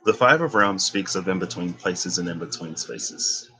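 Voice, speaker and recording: A man's voice: sits low, moderate pace, bright, forceful tone, low-quality recording. A young man giving a casual tarot reading, rambling and thinking aloud as he corrects himself. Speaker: tarot reader.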